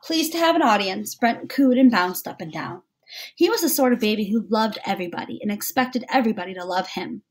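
A woman teacher reading a novel aloud to a class, with steady storytelling. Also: mid-range voice, brisk.

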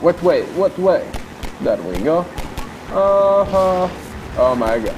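A man's voice: on the high side, very animated, takes it slowly. A young man giving goofy, boastful let's play commentary, whooping and cheering as he plays. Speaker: gamer. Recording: game sounds and engine noise behind.

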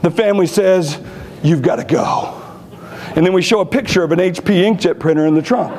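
Brash high-voiced man giving a keynote. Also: fast, a little mellow, a little hiss or hum. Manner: brash, blunt storytelling with humor. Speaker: keynote speaker. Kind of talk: conference keynote. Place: conference stage.

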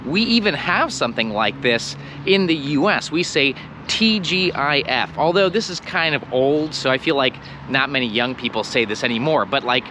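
A man's voice: mid-range voice, lively intonation, normal speed, noisy background. An American man teaching English in a casual video lesson, playful and fond of acting out little scenes.

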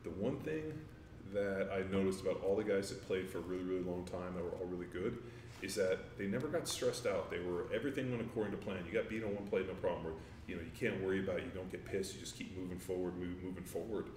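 A former NFL offensive lineman, guesting in a casual interview, talks fast in a very low, deep, darkish voice. He's laid-back and rambling, packed with fillers and casual profanity, and sounds slightly distant from the mic in a roomy space with faint ambient noise.

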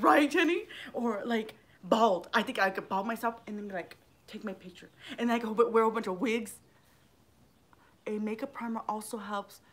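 A middle-aged woman chats loosely on her own livestream, wandering from thought to thought. She swears freely and greets viewers by name as she goes. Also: fairly high pitch. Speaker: livestream vlogger. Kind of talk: rambling casual livestream chat.

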